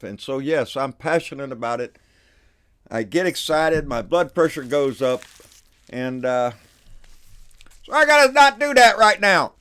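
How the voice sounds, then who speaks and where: A man, hosting his own channel in a casual, excitable, folksy way, slightly out of breath. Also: fairly high pitch, smooth. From Texas, USA. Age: 60s. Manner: excitable, folksy, repeats himself. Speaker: channel host. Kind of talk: casual political vlog chat.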